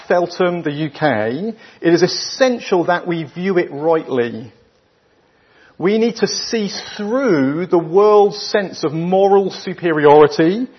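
A man with a British accent preaching a sermon to a church, emphatic and full of rhetorical questions, leaving weighty pauses between his phrases. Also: a little high, husky. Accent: British English. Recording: dull lo-fi recording.

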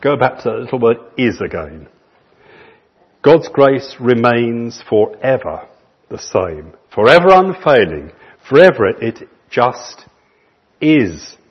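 Animated preacher with a husky voice. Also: male voice, medium pitch. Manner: earnest, with slow emphatic phrasing. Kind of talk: sermon. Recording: muffled lo-fi recording.

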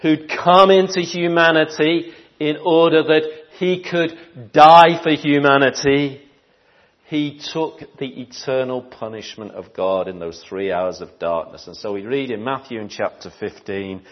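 A man preaching a sermon, swinging from loud declarations to hushed, near-whispered passages. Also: medium pitch, a little slow, muffled recording.

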